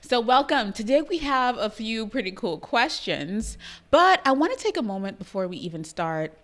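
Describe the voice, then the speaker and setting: A woman's voice: a little high, sing-song, moderate pace, fairly bright tone. A woman with a Trinidadian accent hosting a live-streamed talk show, bubbly, laughing often and greeting her viewers by name. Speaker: livestream show host.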